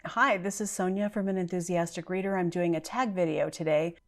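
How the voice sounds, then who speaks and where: A woman's voice: fairly low pitch, steady tone, brisk. A woman chatting casually to camera as a book vlogger, thinking aloud as she answers each prompt. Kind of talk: casual chat.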